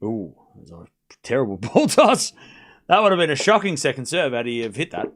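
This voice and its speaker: A man calling tennis live for a watchalong stream, excitable and openly taking sides as he chats with viewers. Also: medium pitch, a little fast. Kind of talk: live play-by-play commentary.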